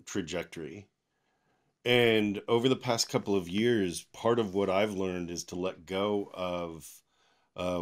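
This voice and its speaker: A man speaking as a guest in a casual podcast interview, telling animated stories with laughs at a desk microphone in his home office. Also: low-pitched. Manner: animated storyteller with frequent laughs and quoted voices.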